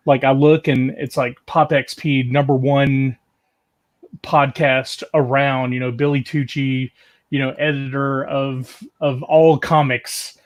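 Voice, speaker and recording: A man's voice: medium pitch, little pitch movement, slow. A man telling a long story in a loose, casual way, full of "like" and restarts, from a video call. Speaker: guest caller.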